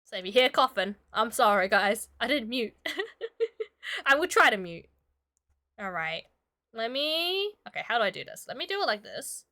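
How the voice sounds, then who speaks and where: A woman's voice: fairly high pitch, very animated, normal speed, sharp tone. A woman streamer chatting casually with her audience while drawing, giggly and full of filler words, sick and coughing now and then. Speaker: streamer and illustrator.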